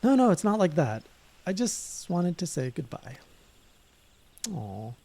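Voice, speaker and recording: Man playing earnest young archer woman from a game, pleading, heartfelt, higher voice. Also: big pitch swings, unhurried, mellow, exaggerated voice.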